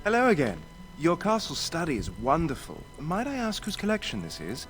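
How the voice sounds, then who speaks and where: A man's voice: fairly high pitch, wildly swooping pitch, normal speed, a bit bright, soft background music, full character voice. An actor playing a polite, courtly young nobleman in a video game, with formal and charming speech.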